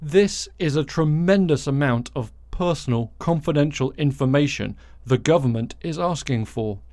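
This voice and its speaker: A fairly high-voiced man hosts a solo podcast, delivering blunt, sarcastic commentary and swearing freely. His voice comes through close and dry, with almost no room sound around it. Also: expressive, normal speed, darkish tone, no room sound. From outside the United States. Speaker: podcast host.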